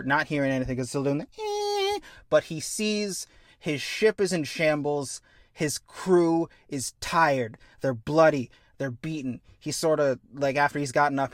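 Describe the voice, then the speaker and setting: A young man chatting casually, acting out a story pitch with quick voice changes and swearing. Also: no room sound, clean studio sound. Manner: acts out scenes with quick voice changes. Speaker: podcast co-host pitching a story. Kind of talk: animated storytelling chat.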